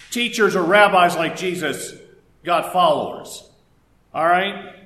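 High-voiced pastor in an echoey room. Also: male voice, a bit bright. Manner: conversational preaching with folksy asides. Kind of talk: sermon.

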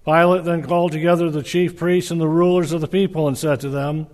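A man reads scripture aloud at a measured, earnest pace, his voice fairly high for a man. A long reverb from the hall follows every line. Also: level tone, a little mellow. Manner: measured, earnest, with small slips. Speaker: scripture reader. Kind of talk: scripture reading.

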